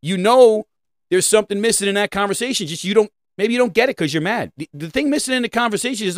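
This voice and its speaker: A man's voice: high-pitched, quick pace, dry recording, studio quality. A man hosting a podcast, talking in a casual rant and checking in with "right?" again and again, swearing now and then. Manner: animated, keeps asking "right?". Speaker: podcast host.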